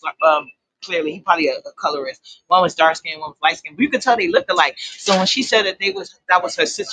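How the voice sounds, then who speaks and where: A woman's voice: on the low side, husky, no room sound, rough recording. Chatty woman vlogging from a bus. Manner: chatty, animated retelling with quoted voices. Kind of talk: casual storytelling vlog. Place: city bus.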